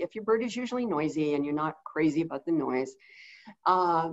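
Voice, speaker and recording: A woman in a casual webinar talk, telling stories and cooing soft praise as she quotes herself talking to animals. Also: on the low side, dull audio. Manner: chatty storytelling, coos softly when quoting praise to animals. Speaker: animal behavior consultant.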